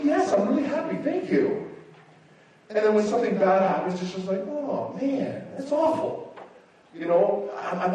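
Animated pastor preaching in an echoey hall. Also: male voice, high voice, distant mic. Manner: animated, personal storytelling with emphatic rises. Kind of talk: sermon. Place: church sanctuary.

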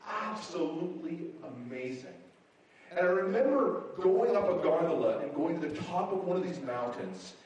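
A man's voice: sits high, darkish tone, slight background noise. A man preaching a sermon as pastor, telling stories and acting out his own reactions with energy. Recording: very echoey hall, mic far off.

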